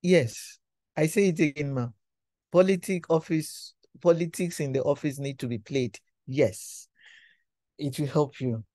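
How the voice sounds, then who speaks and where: A man's voice: on the high side, unhurried, dark tone, no room sound. A man giving an induction lecture to professionals, exhorting them and repeating his key phrases for emphasis.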